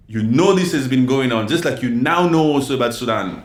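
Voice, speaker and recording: A man from the DR Congo hosts a livestream with heated commentary. His talk is forceful and full of repetition, and he speaks straight to the people in his chat. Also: medium pitch, lively intonation, brisk, few pauses. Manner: forceful, repetitive, addresses chat viewers directly. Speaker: livestream host.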